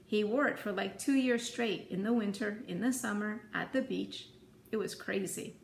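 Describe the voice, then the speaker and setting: A woman's voice: mid-range voice, normal speed, vocal fry, reverberant, close to an everyday voice. A woman reading aloud, voicing a casual, knowing teenage girl.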